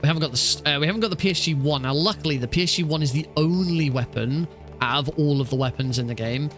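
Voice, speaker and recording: A man's voice: a little high, fast, a bit bright, faint music behind. Rambling young man streaming a speedrun. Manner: rambling, many fillers and restarts. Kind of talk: live stream game commentary.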